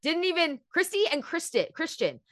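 Profane, animated woman in casual chat. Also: extremely high pitch, moderate pace, dry recording, studio quality. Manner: profane, animated, acts out quotes. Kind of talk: casual chat recapping a film.

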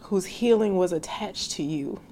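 A woman's voice: fairly low pitch, lively intonation, measured pace, mellow, slight background noise. A woman hosting a devotional podcast who talks straight to her listeners in a slangy, heartfelt way. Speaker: faith podcast host. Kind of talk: casual devotional podcast monologue.

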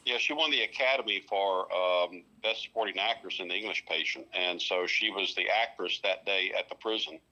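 A man's voice: deep voice, fairly quick, hardly any pauses, pushed and bright, highs cut off. A man from North Louisiana, a guest telling stories with many fillers and restarts. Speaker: guest, prison communications director. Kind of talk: casual interview chat.

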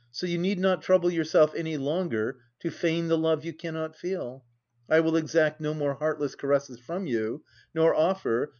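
A man reading the part of a wronged young wife, speaking in a cold, measured, dignified way. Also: on the high side, darkish tone, lo-fi sound, lightly acted.

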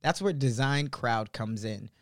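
A man's voice: medium pitch, a little slow, no echo, clean studio sound. A man hosting a podcast, reading an ad and asking questions in a casual, conversational way. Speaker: podcast host. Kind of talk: podcast interview and read ad.

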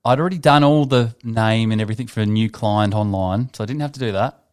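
A man's voice: fairly low pitch, quick pace, a little mellow, clear, resonant tone. Man, podcast host, casual storytelling, rambling, profane. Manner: rambling, swears freely, laughs at himself.

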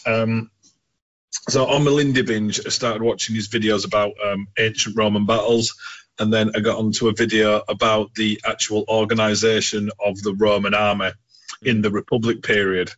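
A man's voice: lowish voice, level tone, moderate pace, a bit bright. A man chatting casually as a podcast co-host, rambling, swearing and laughing a lot. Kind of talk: casual chat. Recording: dull lo-fi sound.

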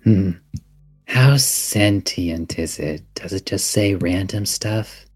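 A man with a very deep, husky voice plays a tabletop game. He lays out plans slowly and thoughtfully. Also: a little mellow, faint music behind. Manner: slow, plotting, thoughtful. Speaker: tabletop player.

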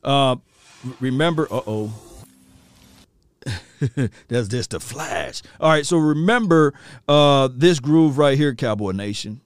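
A man hosting a casual sports podcast live stream, loose and slangy, shouting out viewers in the chat. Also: mid-range voice, animated, measured pace, clean tone, no room sound. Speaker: podcast host.

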